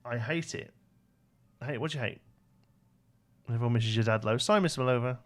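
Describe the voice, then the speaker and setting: A young British man livestreams a building game, rambling to himself and answering chat questions casually as he builds. His voice is medium-pitched and fairly quick.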